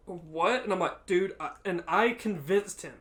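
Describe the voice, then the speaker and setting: A man co-hosting a podcast, telling a story in casual chat, laughing often and acting out quotes loudly. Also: high voice, measured pace. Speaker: podcast co-host.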